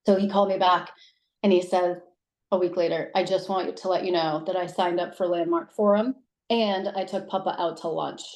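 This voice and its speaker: Animated woman telling stories, roomy sound. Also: moderate pace. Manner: animated, acts out quotes with big pitch jumps. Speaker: guest. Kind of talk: casual interview storytelling. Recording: roomy echo.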